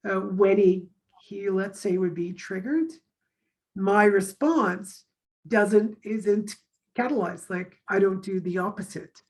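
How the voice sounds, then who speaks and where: Chatty woman telling lively stories. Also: medium pitch, slow, poor audio. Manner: animated storyteller, acts out quoted dialogue. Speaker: course teacher. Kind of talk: casual conversation.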